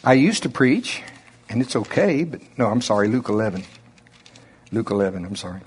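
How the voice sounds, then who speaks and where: A man with an Oklahoma accent preaching a sermon in a slow drawl, with emphatic rises and drops. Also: fairly low pitch, sing-song, husky.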